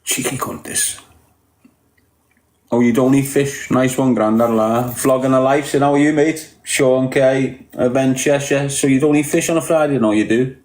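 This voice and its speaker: A man's voice: mid-range voice, fairly even intonation, normal speed, hardly any pauses, darkish tone, reverberant, poor audio. Sweary Liverpool man on a livestream. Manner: blunt, heavy swearing, teasing viewers. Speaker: livestreamer reading viewer comments. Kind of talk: casual livestream chat.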